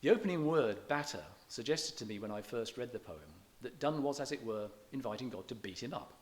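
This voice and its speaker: With a medium-pitched, expressive voice, a man lectures publicly on poetry in a church hall. His delivery is scholarly and measured, easing off to read verse with marked beats, and he sometimes begins his words again.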